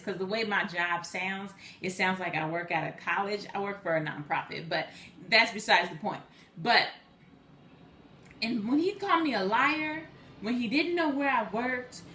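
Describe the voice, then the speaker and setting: A woman vlogger telling a personal story in a chatty, animated way, acting out both sides of a conversation. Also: medium pitch, reverberant, slight background noise.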